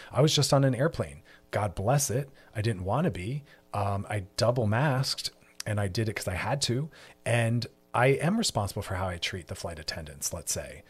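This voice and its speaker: A man's voice: fairly low pitch, husky. A man hosting a solo podcast, delivering an emphatic, preachy monologue with repeated refrains. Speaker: podcast host.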